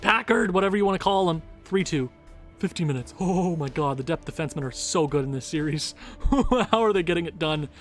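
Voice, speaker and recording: Excitable male streamer losing his voice. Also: a little high, brisk, faint music behind. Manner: excitable, groans and cheers at each goal. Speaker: gaming streamer. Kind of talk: live gameplay commentary.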